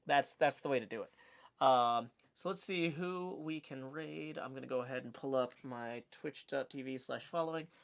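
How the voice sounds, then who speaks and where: A man from Tennessee with a Southern US accent hosts a livestream, chatting casually and rambling with plenty of fillers. His voice is mid-range and creaky, at normal speed.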